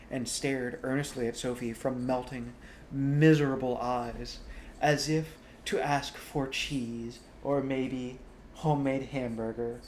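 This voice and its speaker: Man reading a bedtime story, mid pitch, chatty asides, faint hiss. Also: unhurried, darkish tone.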